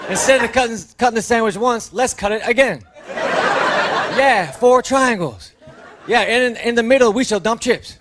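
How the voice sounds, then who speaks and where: A man's voice: very high voice, moderate pace, very noisy. A man performing a playful comic bit about sandwiches.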